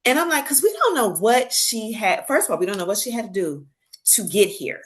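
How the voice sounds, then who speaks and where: A woman's voice: medium pitch, fairly quick. A woman guest on a podcast, telling stories in casual conversation and acting out the voices of the people in them. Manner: animated, acts out quoted voices; laughs while telling stories.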